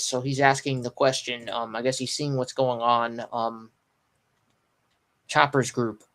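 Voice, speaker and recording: A sleepy, yawning man doing a casual live read-through and reaction, pausing often with ums and restarts. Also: mid-range voice, flat delivery, a bit bright. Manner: halting, stops often with ums and restarts while reading. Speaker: live manga reaction streamer.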